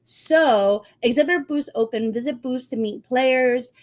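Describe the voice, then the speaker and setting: A woman's voice: sits high, measured pace, a little mellow. A woman from New York with a New York accent, hosting a casual podcast chat and laughing often. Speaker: podcast host.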